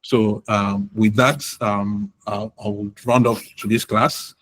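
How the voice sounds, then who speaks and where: A man leads a live online class in a somewhat low voice. He is encouraging and relaxed, filling his pauses with "um" and "you know". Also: a little hiss or hum, low-quality recording. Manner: encouraging, uses many fillers and "you know". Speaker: product management instructor.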